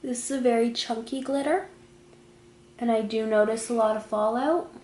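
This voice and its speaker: A woman's voice: fairly high pitch, moderate pace, dark tone, a little hiss or hum. A woman casually talking through a makeup tutorial, describing each step as she applies it. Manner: chatty, talks through each step while applying makeup. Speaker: beauty vlogger. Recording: echoey room.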